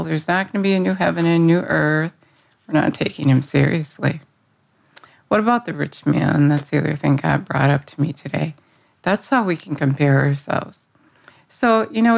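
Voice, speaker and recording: A woman with a low, gravelly voice gives a casual spoken devotional. She talks in an earnest, conversational way and often restarts her phrases as she thinks aloud. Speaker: devotional speaker.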